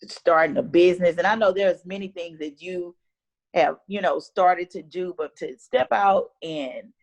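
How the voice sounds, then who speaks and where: A woman's voice: on the low side, a little slow. A woman speaking in a playful, encouraging way in a casual group chat. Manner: encouraging, playful, laughs often.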